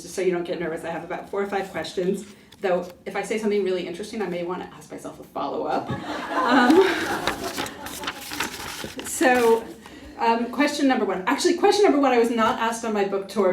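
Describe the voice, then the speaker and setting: At a library event room, an American author in her forties gives a chatty, self-deprecating book talk to a live audience, laughing often. Her voice is medium in pitch, with a little hiss or hum. The room is echoey and she sounds far from the mic.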